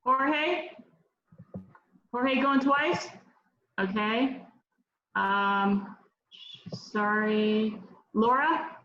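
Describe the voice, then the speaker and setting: Slow woman calling roll on a roomy call. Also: fairly high pitch, fairly bright tone. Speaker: board secretary calling roll. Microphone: video call. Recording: roomy, muffled call with faint noise.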